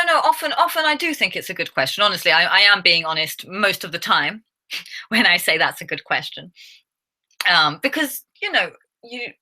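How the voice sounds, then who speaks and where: A young English woman teaching a live online English lesson, chatty and laughing often, halting with fillers and restarts. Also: medium pitch, sharp tone. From England.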